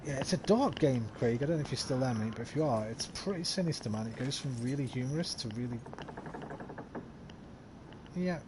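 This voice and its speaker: A man's voice: medium pitch, expressive, fairly quick, long pauses, background noise. A man chatting casually as he streams a video game, rambling with lots of ums. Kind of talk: casual live-stream commentary.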